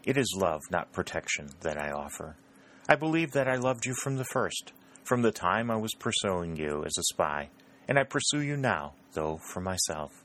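A man's voice: sits low, very animated, normal speed, fairly bright tone. A man reading an ardent young captain. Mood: pleading. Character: ardent young Southern army captain in love. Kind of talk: audiobook character reading.

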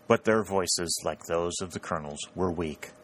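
A man reading a story aloud in a measured storytelling manner, lightly voicing the characters. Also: deep voice, fairly bright tone, a little hiss or hum. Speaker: audiobook narrator. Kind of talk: scripted narration.

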